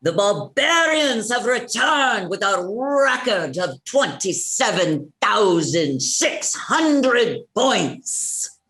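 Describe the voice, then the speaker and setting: An actor voicing an announcer with an Irish accent, reading results in a slow, proclaiming way. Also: medium pitch, animated, vocal fry, bright, forceful tone, echoey room, exaggerated voice. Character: announcer Skahak reporting hunt results. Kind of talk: voice acting session reading lines.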